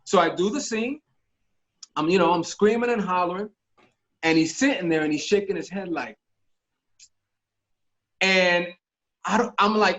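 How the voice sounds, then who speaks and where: A man guest on a podcast telling stories in a casual, animated, profane way, acting out the voices of the people in them. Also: high voice, moderate pace, long pauses. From Miami. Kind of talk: casual storytelling interview. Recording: dull lo-fi podcast audio.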